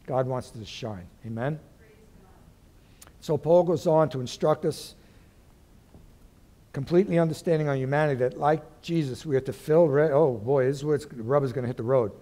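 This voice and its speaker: A male pastor delivers a folksy sermon, calling out to his congregation and shifting from loud declarations to very soft asides. His voice is medium in pitch, his pace is normal, and he pauses often.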